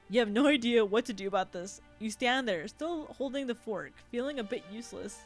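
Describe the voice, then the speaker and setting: A woman's voice: fairly high pitch, expressive, a little fast, hardly any pauses, faint music behind. Giggly woman streamer reading a game. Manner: giggly, swears in asides. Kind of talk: reading a game aloud with commentary.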